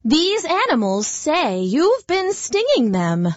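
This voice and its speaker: A woman voicing Mother Nature, a powerful female spirit who speaks slowly and sternly. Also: sits high, wildly swooping pitch, dry recording, dull audio, pitched above the performer's own voice, heavily acted. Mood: questioning.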